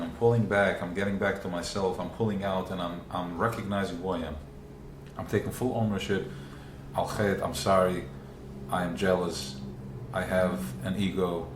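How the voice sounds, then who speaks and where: A man's voice: sits low, steady tone, moderate pace, background noise. A man leading a live religious class, earnest and repetitive, often acting out inner voices. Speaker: teacher. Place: room with a small group. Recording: roomy live recording.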